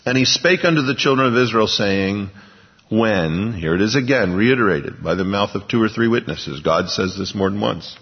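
A man preaching a sermon, reading scripture slowly and building to emphatic bursts. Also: fairly low pitch, animated, breathy edge. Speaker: pastor. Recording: dull, lo-fi with long hall reverb.

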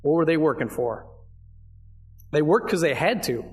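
Casting: man, fairly high voice, pastor delivering a sermon, chatty and emphatic. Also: animated, normal speed. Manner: conversational, asks the congregation questions; emphatic, leans on key phrases.

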